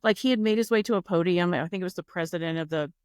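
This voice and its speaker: A woman guest on a podcast, a foundation founder speaking reflectively in casual conversation, often pausing with "you know". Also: on the low side, darkish tone, smooth, dry recording, clean studio sound. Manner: reflective, halting, many "you know" fillers.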